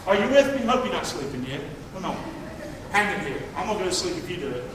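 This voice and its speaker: A man preaching a sermon, reading scripture aloud and calling for responses, swinging from quiet asides to near-shouting. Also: sits high, sing-song, fast talker, noisy background. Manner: reads scripture aloud and calls for congregation response. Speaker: pastor. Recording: echoey hall, distant mic.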